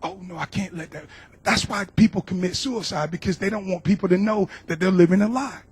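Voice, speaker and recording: Husky middle-aged man giving earnest testimony. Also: high voice, a little fast. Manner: earnest, emotional storytelling with repeated phrases. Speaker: guest speaker. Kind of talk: personal testimony to a church. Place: church.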